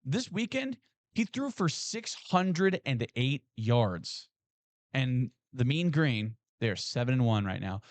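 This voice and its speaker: Excitable guy cohosting a sports podcast, lots of restarts, dry mic. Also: medium pitch, no echo. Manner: excitable, emphatic, quick restarts. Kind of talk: casual sports talk.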